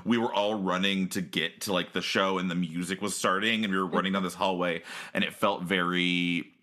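A man's voice: deep voice, steady tone, normal speed, bright, forceful tone. A young man in casual comedic chat, rambling along and acting out silly little voices.

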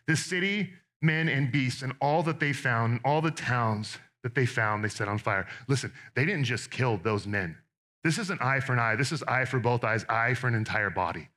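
A man preaching a sermon as pastor, earnest and direct, with quick conversational asides to his congregation. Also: fairly high pitch, bright, forceful tone.

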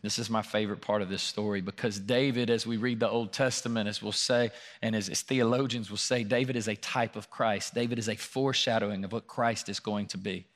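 A man preaching a sermon in a church room, earnest, his voice lifting and growing louder when he reads scripture and dropping quiet during personal stories. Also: on the low side, fairly even intonation, fairly quick, few pauses. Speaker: pastor.

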